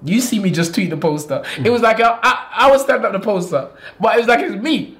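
Casually interviewed, an English man who trains and manages boxers speaks in a high voice. His manner is animated and full of laughter, and he hammers points home by repeating them.

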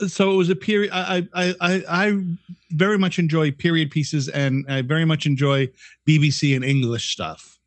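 A man's voice: fairly high pitch, steady tone, moderate pace, no room sound. A man co-hosting a casual podcast, profane, stammering through restarts. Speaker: co-host.

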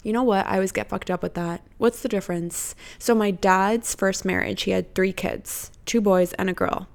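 A woman's voice: mid-range voice, fairly even intonation, moderate pace, vocal fry. A woman in her twenties hosting a podcast, chatting casually in a rambling, freewheeling way and swearing freely. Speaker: podcast host. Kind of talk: casual chat.

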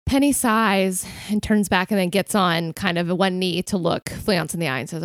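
Brief: woman player in a tabletop game, lively casual talk, dry close sound. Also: on the low side, normal speed, hardly any pauses, dry recording.

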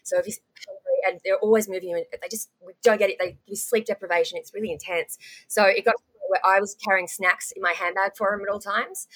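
A woman's voice: mid-range voice, husky. A young Australian woman telling a story as a guest in casual conversation, full of ums and restarts. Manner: animated, rapid recounting with frequent ums and restarts.

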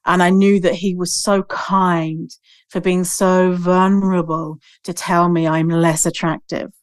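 A woman's voice: on the low side, little pitch movement, a little slow, clear, resonant tone, no echo, clean studio sound. A woman guest on a podcast, talking candidly and emphatically, swearing freely. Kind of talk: candid conversational podcast talk.

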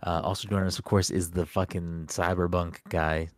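A man's voice: sits low, flat delivery, a little fast, no echo, studio quality. A young adult man hosting a gaming podcast in a loose, joking way, cursing casually as he runs the intro. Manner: loose, joking, swears freely. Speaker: podcast host. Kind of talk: casual chat.

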